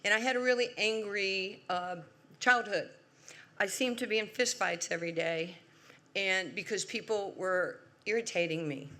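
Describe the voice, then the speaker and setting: A woman in her sixties with a New York accent, giving an award acceptance speech as a lively, humorous storyteller. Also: medium pitch, normal speed. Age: 60s. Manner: lively, humorous storyteller, acts out quoted voices. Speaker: award honoree. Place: large event hall.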